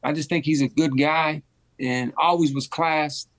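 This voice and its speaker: A man in his fifties, a former boxing champion, telling animated stories in a casual interview and repeating phrases for emphasis. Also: on the high side, measured pace, no room sound.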